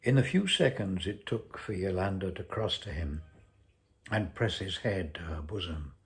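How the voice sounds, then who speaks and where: A man, an actor, reading his own short story aloud in a measured, deliberate way. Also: low voice, vocal fry. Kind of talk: scripted story narration.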